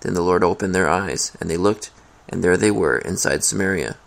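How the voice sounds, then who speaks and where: A man reading a Bible chapter aloud in a steady, measured way. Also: sits low, gravelly. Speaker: scripture reader.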